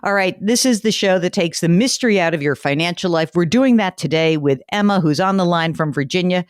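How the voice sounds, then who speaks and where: A woman's voice: lowish voice, a little fast, no room sound. Woman, radio host, blunt, emphatic, dry studio sound. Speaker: radio money show host. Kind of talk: casual call-in talk.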